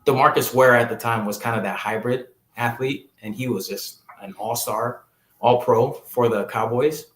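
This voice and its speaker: A man in his thirties from Hawaii, a football coach telling stories as a guest on a casual interview podcast and lively acting out the people he quotes. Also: mid-range voice, moderate pace. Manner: animated storyteller who acts out quoted people. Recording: roomy echo.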